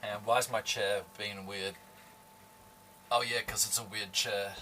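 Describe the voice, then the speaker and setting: Slow-talking Australian man, far off. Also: on the low side, a little hiss or hum. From Adelaide, Australia. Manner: slow, relaxed, chatty, greeting viewers. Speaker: livestream host. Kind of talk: casual chat while cooking. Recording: voice somewhat far from the mic.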